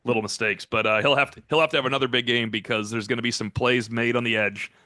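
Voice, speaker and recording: A man's voice: mid-range voice, steady tone, fast, bright, forceful tone, no room sound, studio quality. A man, a sports analyst, breaking down game film in casual, rambling talk.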